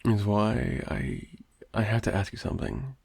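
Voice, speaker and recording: A man's voice: lowish voice, normal speed, vocal fry, darkish tone, breathy edge, no echo. A young man voicing a clingy, obsessive male roommate in an improvised audio roleplay, rambling and stammering with nervous laughs. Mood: fond, coaxing.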